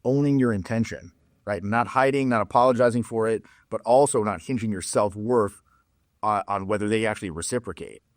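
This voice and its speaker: A man's voice: fairly low pitch, brisk, no echo, clean studio sound. A man coaching on dating in a blunt, profane, casual monologue, telling stories with laughs and mocking others in put-on voices.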